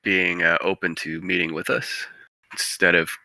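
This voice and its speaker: A man playing in a tabletop game, speaking hesitantly as he pitches a deal in character. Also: flat delivery, normal speed, bright, forceful tone, no echo. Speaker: player. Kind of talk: casual tabletop play.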